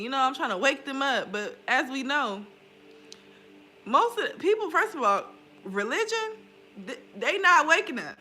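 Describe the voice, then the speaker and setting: A woman's voice: high-pitched, very animated, normal speed, pushed and bright, slight background noise. A young woman talking candidly in a casual vlog, swearing freely and laughing often. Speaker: spiritual vlogger. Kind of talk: casual confessional chat.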